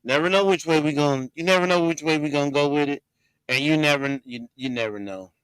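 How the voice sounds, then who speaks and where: A male podcast host talks in a relaxed, rambling way, circling back over his phrases. His voice is bright and smooth. The sound is close and dry. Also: fairly high pitch, fairly quick, no echo, rough recording. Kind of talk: casual podcast chat.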